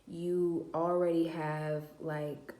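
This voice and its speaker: A woman with a low voice tells a personal story to the camera in a casual vlog. She is blunt and emphatic, drops into slang and swearing, and acts out what others said. Her voice rings in an echoey room. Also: flat delivery, very slow, mellow. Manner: acts out other people's lines in a higher voice. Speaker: vlogger telling a personal story.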